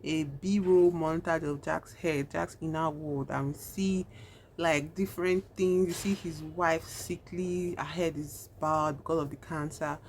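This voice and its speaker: A deep-voiced woman speaks in a steady, unhurried tone as she does her makeup and chats about a horror film for her vlog. The conversation is casual and rambling, heavy on "like" and "you know," with slight background noise.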